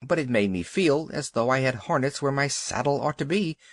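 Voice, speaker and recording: A man voicing a proud male cavalry horse with a measured, dismissive manner. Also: medium pitch, lively intonation, no echo, clean studio sound. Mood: uneasy. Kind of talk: audiobook character voice.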